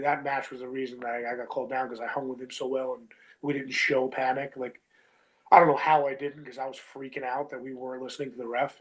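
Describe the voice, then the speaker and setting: A man's voice: mid-range voice, rough recording. A man in his thirties, a wrestler telling a long story in a casual interview, full of fillers like "you know what I mean" and "bro".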